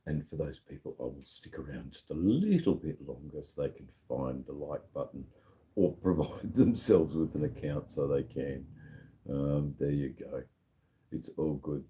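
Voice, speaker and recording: A man's voice: rumbling low, lively intonation, moderate pace, mellow. A drunk man hosting a casual live stream from a bar, rambling and slurring with lots of fillers. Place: sitting at a bar.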